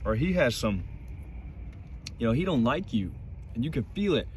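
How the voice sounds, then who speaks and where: A man's voice: mid-range voice, very animated, moderate pace, a little mellow, a little hiss or hum. A man vlogging from inside his van in the mountains, giving casual motivational faith talk in an intense, emphatic way and swearing freely.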